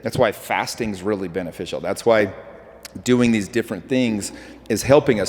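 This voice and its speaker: A man giving a motivational talk to an audience, telling animated stories with acted-out quotes. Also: lowish voice, fairly quick. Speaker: speaker. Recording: hall with reverb.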